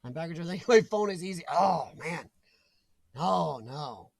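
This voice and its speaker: A man with a rather high voice chats casually on his live stream from home. He rambles from topic to topic and greets viewers as he goes. The sound is dry and close, with little room around it. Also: expressive, normal speed, gravelly, dry recording. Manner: rambling and chatty, reading out viewer comments. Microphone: desk mic.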